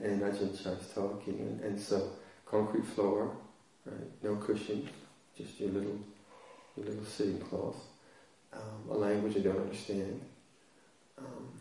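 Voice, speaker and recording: A man's voice: lowish voice, mellow, a little hiss or hum. A man, a Buddhist monk, giving a dharma talk as a humorous, self-deprecating story with frequent laughter. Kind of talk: dharma talk with personal anecdote. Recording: echoey hall, voice from far off.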